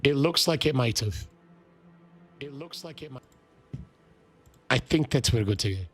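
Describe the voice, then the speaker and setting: A man live-streaming a game, chatting with viewers, shouting excited greetings and swearing. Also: mid-range voice, unhurried. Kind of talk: live-stream chat while gaming.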